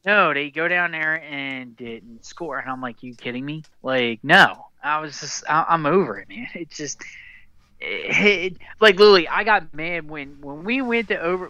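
Man, podcast host, very bright tense voice, slightly high, rambling casual sports talk, dull lo-fi dry sound. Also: dry recording. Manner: rambling, restarts often, says "dude".

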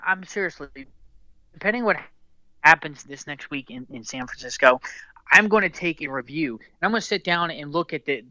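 Man, podcast host, very bright tense voice, slightly high, rambling casual sports talk, dull lo-fi dry sound. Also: no echo. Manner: rambling, restarts often, says "dude".

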